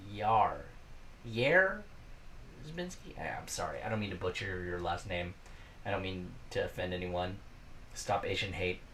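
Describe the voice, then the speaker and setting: Man hosting a chatty live stream from his garage, mic set back, mid-pitched voice. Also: gravelly, fairly bright tone, distant mic. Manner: rambling, chatty, talks to viewers. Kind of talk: casual live-stream chat.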